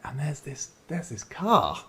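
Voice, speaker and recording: A man's voice: fairly high pitch, sing-song, a little slow, a bit bright, breathy edge. A man co-hosting a casual podcast, telling an anecdote with swearing and quoted dialogue. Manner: swearing, storytelling with acted quotes. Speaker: podcast co-host. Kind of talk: casual chat.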